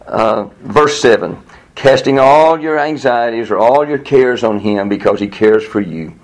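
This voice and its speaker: An older man teaching a Sunday school class in an earnest, candid way, full of restarts and sudden high-pitched exasperation. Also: unhurried. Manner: earnest, candid, many restarts, rising to high exasperated voices when quoting himself.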